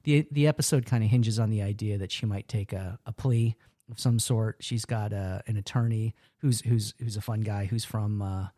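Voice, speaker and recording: A man's voice: on the low side, fairly even intonation, moderate pace, dark tone, no echo, studio quality. A man co-hosting a podcast, chatting casually about a TV episode and often restarting his sentences. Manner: rambling, many restarts and asides. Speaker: podcast co-host. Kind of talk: casual chat recapping a TV episode.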